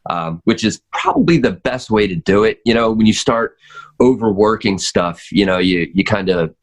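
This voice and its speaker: A man with a fairly low voice talks casually as a podcast guest about drumming. He rambles, restarting sentences and filling pauses with ums and uhs. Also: expressive. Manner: rambling, many fillers and restarts. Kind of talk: casual chat.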